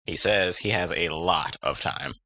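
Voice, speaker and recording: An actor playing a cocky, wisecracking hired translator who twists every line on purpose. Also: male voice, low voice, unhurried, creaky, pushed and bright, no echo, studio quality, heavily acted. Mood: smug. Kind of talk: comedy audio drama.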